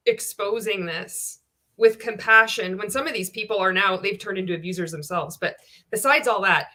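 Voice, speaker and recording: A woman's voice: medium pitch, moderate pace, bright, forceful tone. A woman in her forties hosting an interview, talking bluntly and heatedly with lots of swearing. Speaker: podcast host. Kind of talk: casual interview chat.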